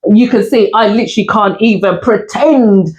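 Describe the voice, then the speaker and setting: A woman co-hosting a podcast, talking casually with lots of fillers and quick laughs. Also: medium pitch, a little mellow, highs cut off. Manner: chatty, many fillers and laughs. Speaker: podcast co-host. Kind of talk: casual discussion.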